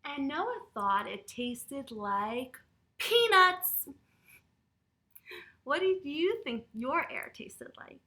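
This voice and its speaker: A woman reading a picture book aloud to children and leading yoga poses, speaking to them in an animated, playful way. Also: high-pitched, takes it slowly, hardly any pauses. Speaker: children's storyteller and yoga teacher.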